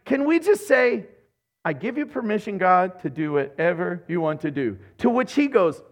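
A middle-aged male pastor with a fairly high voice delivers a sermon. He preaches in an animated, playful way and slips into short acted-out voices as he tells stories. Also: normal speed. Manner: animated, playful, acts out voices in his retellings.

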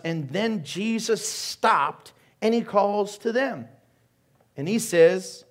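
Man, pastor, sermon in church, high voice, animated and joking. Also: slow. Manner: animated, joking, asks the congregation questions.

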